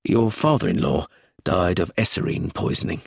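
A man's voice: deep voice, very animated, moderate pace, vocal fry, no room sound, full character voice. Man reading as a polite police inspector. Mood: businesslike. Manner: polite, businesslike.

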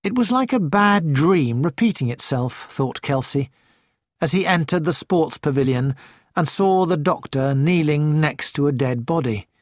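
A man narrating an audiobook story in a measured, clear way. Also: mid-range voice, no echo, studio quality.

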